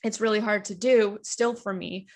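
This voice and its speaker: Guest voice: woman from Canada, mid pitch, earnest, reflective, chatty. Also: fairly even intonation, normal speed. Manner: reflective, earnest, many fillers like "like" and "you know". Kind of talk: candid personal conversation.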